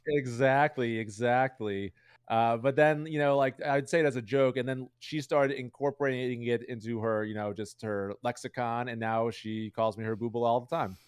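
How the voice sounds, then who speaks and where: A man's voice: mid-range voice, fairly even intonation, clear, resonant tone, dry recording, studio quality. A young man chatting casually as an interview guest, rambling with lots of fillers. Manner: fast, rambling, heavy use of fillers. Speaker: guest streamer.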